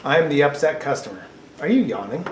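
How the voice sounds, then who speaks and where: A man's voice: a little high, big pitch swings, a little fast, a little hiss or hum. A man coaching job seekers in a casual, joking way, giving patient advice during a mock interview. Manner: upbeat, joking, explains patiently. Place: coffee shop, indoors. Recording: echoey coffee shop room.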